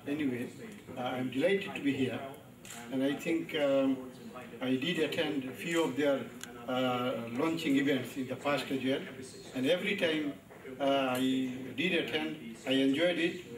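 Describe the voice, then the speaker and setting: A man's voice: mid-range voice, unhurried, recorded from a distance. A man giving an unplanned formal speech as a business chairman, hesitant and full of uhs. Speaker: business chairman invited to speak. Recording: echoey hall with crowd behind, off-mic.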